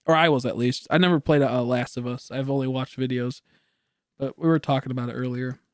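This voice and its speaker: A man's voice: mid-range voice, fairly even intonation, fairly quick, a little mellow, dry recording, clean studio sound. A young man streaming from home, chatting casually in a rambling, self-correcting way, swearing now and then and coughing at times. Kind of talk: casual chat.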